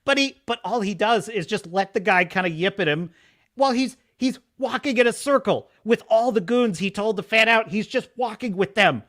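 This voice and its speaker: Male podcast host, casual commentary, high-pitched with a bright edge, sarcastic and exasperated. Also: moderate pace. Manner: acts out quoted dialogue in put-on voices. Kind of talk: casual commentary recapping a show.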